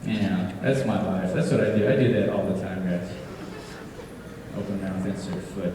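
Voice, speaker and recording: At a convention panel, a male voice actor fields fan questions, telling lively, self-deprecating stories and laughing often in a lowish voice at a moderate pace. The casual Q&A takes place in a large hall with an audience, and the recording is echoey, distant from the mic, and full of crowd noise.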